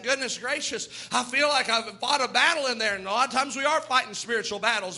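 Preaching fervently, a male pastor has a strikingly high, ringing voice with a sharp, bright tone. He alternates scripture readings with exhortation in a rhythmic cadence.

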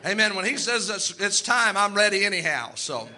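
A man's voice: high voice, expressive, normal speed, pushed and bright. A male pastor preaching a sermon, repeating lines for emphasis and calling out amens.

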